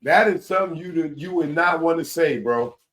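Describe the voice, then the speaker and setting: A man hosting a commentary show, reacting to a news story with loud, drawn-out incredulous exclamations and bursts of laughter. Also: on the high side.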